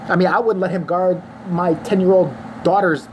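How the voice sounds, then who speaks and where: A woman's voice: lowish voice, fairly even intonation, normal speed, a little hiss or hum. A woman vlogger delivering an angry, crude, sarcastic opinion rant to the camera.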